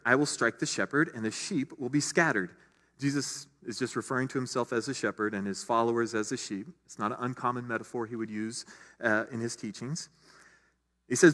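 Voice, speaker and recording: Male pastor, middle-aged, mid-pitched, chatty sermon delivery, long church reverb. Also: normal speed, long pauses, fairly bright tone. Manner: conversational, with asides and restarts. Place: church sanctuary.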